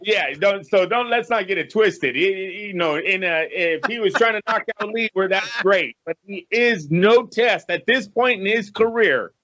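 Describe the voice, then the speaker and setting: Man, podcast co-host, blunt opinionated talk, fairly high voice, dull lo-fi audio. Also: normal speed, few pauses, bright, forceful tone. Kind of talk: casual boxing podcast chat.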